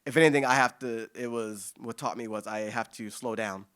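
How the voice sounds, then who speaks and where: A man in his forties, a poet answering audience questions at a reading, talking fast and excitedly with many restarts and casual swearing. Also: medium pitch. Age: 40s.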